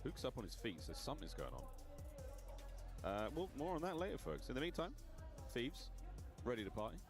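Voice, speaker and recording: Lively, animated male esports caster. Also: mid-range voice, normal speed, over music. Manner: lively, addresses chat and viewers directly. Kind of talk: live esports commentary.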